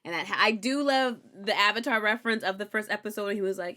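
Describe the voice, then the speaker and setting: A young woman hosting a recap show, chatting casually and candidly, animated and swearing freely. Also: medium pitch, brisk. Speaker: host recapping a TV episode. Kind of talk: casual chat.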